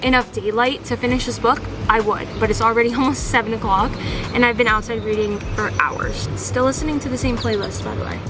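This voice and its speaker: A woman's voice: a little high, moderate pace. Gushing book-vlogger woman, music behind. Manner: gushing, excitable, lots of "like" and "oh my God". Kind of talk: casual reading vlog. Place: outdoors.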